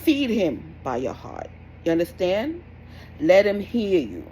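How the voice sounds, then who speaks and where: A woman's voice: on the low side, huge pitch swings, unhurried, warm tone, slight background noise, rough recording. A young woman, giving blunt, repetitive parenting advice in a scolding, casual rant. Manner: blunt, scolding, repeats herself. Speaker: parenting vlogger.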